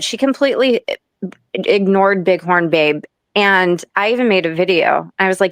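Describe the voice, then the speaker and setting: A woman's voice: lowish voice, moderate pace, no echo. A woman telling a long gossip story in casual chat, rambling and laughing often between lines.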